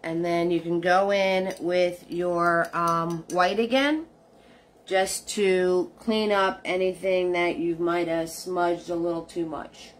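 A woman's voice: fairly low pitch, steady tone, slow pace. A woman leading a live painting tutorial, chatting with her viewers as she works. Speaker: painting instructor.

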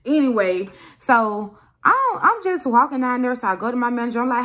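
A young woman vlogger telling a storytime story in an animated, emphatic way. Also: a little high, brisk. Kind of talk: casual storytime.

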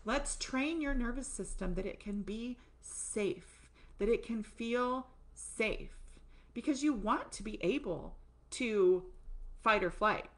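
An enthusiastic woman teaches a breathing course straight to camera. She talks fast and lively, throwing in playful asides. At times she moves off the mic to show the exercise. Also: fairly high pitch. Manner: excited, fast-talking, animated asides. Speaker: course instructor.

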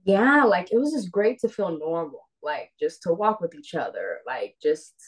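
Young adult woman, low-pitched, bubbly valley-style talker. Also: big pitch swings, normal speed, husky, poor audio. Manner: bubbly, heavy use of "like". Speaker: reality show winner, interviewee. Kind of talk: casual interview chat.

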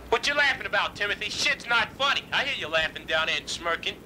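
A furious man hurls threats and curses down a phone line. His voice sits very high and sounds piercingly bright, with a faint hiss of noise behind it. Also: lively intonation, fast talker, hardly any pauses. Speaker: angry caller. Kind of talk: prank phone call.

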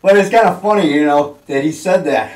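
A man in a casual home video, talking loudly and boastfully in a goofy, joking way. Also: fairly high pitch, brisk, reverberant. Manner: boastful, loud and goofy, jokey. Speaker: vlogger.

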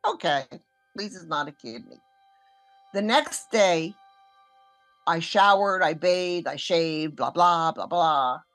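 An older woman recounting how she was scammed, acting out the voices of others and swinging between hushed and loud moments. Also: lowish voice, animated, slow pace, pauses often, soft background music. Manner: vivid, acts out quoted voices, shifts between hushed and loud. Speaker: scam victim telling her story. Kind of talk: emotional first-person storytelling.

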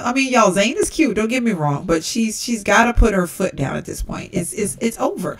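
A woman's voice: lively intonation, fairly quick, few pauses. Chatty woman narrating gameplay. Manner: chatty, addresses viewers as y'all. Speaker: let's-play host. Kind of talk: casual gameplay commentary. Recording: distant low-quality game capture.

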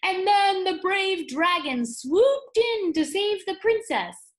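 A woman voicing a brave young boy who reads a story aloud in a booming voice. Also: expressive, slow, fairly bright tone, full character voice. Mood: dramatic.

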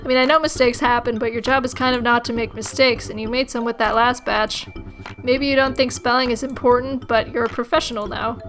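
A woman's voice: a little high, steady tone, fairly bright tone, soft background music, natural voice. A woman voicing a nervous, bossy office manager. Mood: nervous lecturing. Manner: nervous, stern, halting scolding.

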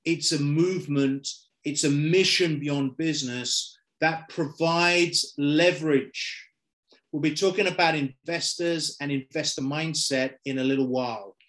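A man's voice: a little high, unhurried, a bit bright. A middle-aged man with a London accent giving an upbeat online sales presentation, checking in with "okay?" and "right?". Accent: London English. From London, England. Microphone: video call.

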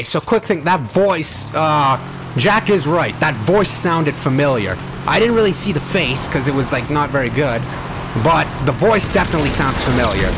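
A man hosting a let's play, commenting excitedly, shouting and swearing at enemies over game music. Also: on the high side. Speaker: gaming channel host.

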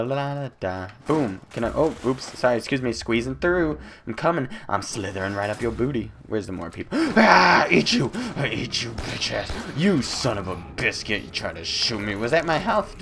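Male let's-play commentator, gravelly and lively, goofy, taunting, bursts into yells. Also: lowish voice, slight background noise. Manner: goofy, taunting, with sudden loud outbursts. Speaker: gameplay commentator.

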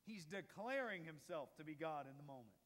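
A male pastor preaching a sermon in a church sanctuary, animated and putting questions to the congregation. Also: fairly high pitch, brisk, big-room sound.

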